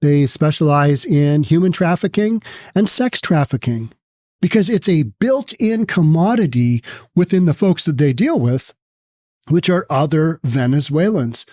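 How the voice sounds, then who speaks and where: A man's voice: high-pitched, darkish tone, no room sound, studio quality. A man hosting an opinionated news commentary show, reading news aloud and riffing on it with sarcasm. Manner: sarcastic, mocks with put-on quoted voices; reads news text aloud, then riffs on it.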